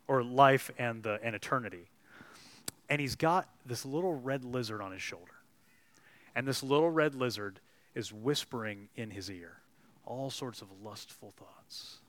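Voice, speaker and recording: A man's voice: medium pitch, a bit bright. A man preaching a sermon as a pastor, earnest and storytelling. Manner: earnest, storytelling delivery with some restarts.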